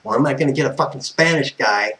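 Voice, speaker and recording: A man's voice: medium pitch, fast, fairly bright tone, rough recording. Fed-up American guy, mid-range voice, salty ranting storyteller who cusses nonstop. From United States. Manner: profane, exasperated, tangent-prone. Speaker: vlogger.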